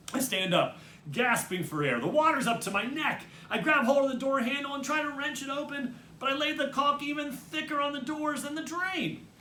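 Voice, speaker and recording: A man reading a comic first-person story aloud in an expressive, animated way. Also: a little high, roomy sound, a little hiss or hum. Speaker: reader.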